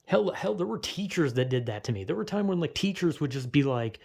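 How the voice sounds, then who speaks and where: A man's voice: on the high side, expressive, fast, creaky, few pauses, a little mellow, breathy edge. A young man ranting casually and profanely, exasperated, often acting out the people he quotes. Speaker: vlogger. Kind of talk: casual rant.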